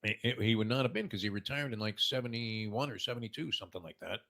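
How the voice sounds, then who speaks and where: Sixties male host, bright tense tone, meandering anecdotal delivery. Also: lowish voice, fast talker, creaky. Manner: rambling storyteller, heavy "uh" fillers. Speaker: morning show host. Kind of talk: casual sports talk.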